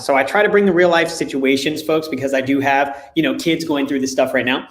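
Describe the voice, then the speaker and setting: A man co-hosting a talk, telling lively family anecdotes and acting out dialogue. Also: mid-range voice, fast, hardly any pauses. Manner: animated anecdotes, acts out dialogue. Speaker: co-host. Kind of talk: casual storytelling. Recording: echoey room.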